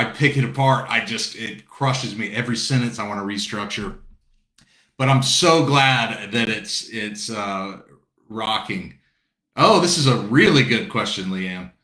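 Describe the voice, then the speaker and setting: A low-voiced man from South Carolina chats on a video call, rambling and greeting viewers as he hosts a book launch. His voice is bright and forceful. The sound comes through with a roomy echo. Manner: chatty, warm greetings to viewers, rambling asides. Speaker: author hosting a book launch livestream. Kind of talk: casual chat.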